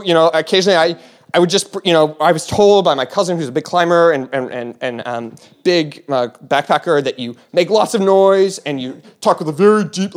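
High-voiced young man telling a rambling story. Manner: rambling, with many fillers and restarts, laughing as he tells it. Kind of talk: personal story told on stage.

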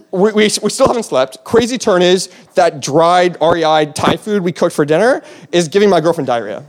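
High-voiced young man telling a rambling story. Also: slight background noise. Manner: rambling, with many fillers and restarts, laughing as he tells it. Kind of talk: personal story told on stage.

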